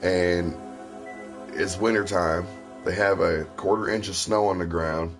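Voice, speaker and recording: A man's voice: low-pitched, fairly even intonation, unhurried, over music. A man from Ohio telling rambling personal stories in a casual, profane way. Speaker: stream host. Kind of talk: casual storytelling.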